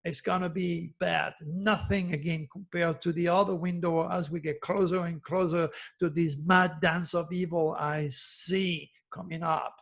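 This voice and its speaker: An older man in his seventies delivers a fervent, sermon-like monologue to his followers. His voice sits high for a man, with a gravelly fry and a husky, breathy texture. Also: flat delivery, a little slow, few pauses, fairly bright tone. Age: 70s. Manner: impassioned, preachy, addresses listener as "my good friend". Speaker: astrologer host. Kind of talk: direct-to-camera monologue.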